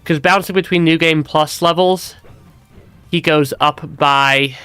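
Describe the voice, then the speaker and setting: A man's voice: on the high side, fairly even intonation, measured pace, bright, forceful tone, smooth, dry recording, soft background music. A man streaming a game with a stuffy nose, chatting casually, laughing often and restarting his sentences. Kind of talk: casual gameplay commentary.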